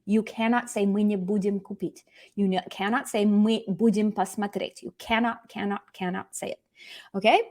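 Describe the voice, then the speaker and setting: A young woman teaching a language lesson online, animated and emphatic, often repeating her key points. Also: mid-range voice, moderate pace.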